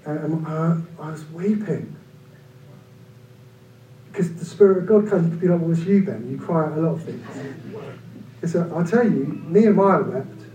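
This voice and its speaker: A man around forty, preaching a sermon in an animated, conversational way with humorous asides. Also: moderate pace, pauses often, lo-fi sound, a little hiss or hum. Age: about 40. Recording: echoey room from far off, low-quality.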